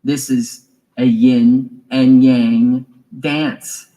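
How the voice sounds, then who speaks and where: Man talking slow about spirit stuff, musing, mid pitch, lots of um and uh. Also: level tone, dark tone, low-quality recording. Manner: slow, deliberate, musing, with fillers and asides. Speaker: spiritual teacher. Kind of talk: reflective lecture.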